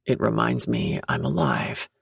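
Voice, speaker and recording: A confident, flirtatious man speaks low and unhurried, teasing with a husky, slightly gravelly edge, as a woman narrator puts him on. The sound is dry and close, as in an audiobook. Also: very animated, dry recording, exaggerated voice.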